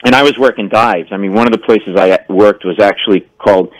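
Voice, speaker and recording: A middle-aged man, a comedian guest, telling animated stories in a radio interview and acting out people in voices. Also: lowish voice, brisk, dry recording, poor audio. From New York area. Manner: acts out characters in voices, laughing often. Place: radio studio.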